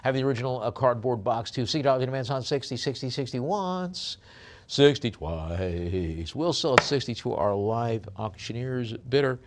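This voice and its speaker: A man working as an auctioneer, describing each lot in a relaxed, joking way, then chanting the bids quickly. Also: medium pitch, very noisy. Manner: rapid bid chanting between chatty, joking descriptions. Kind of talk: live auction calling with item descriptions.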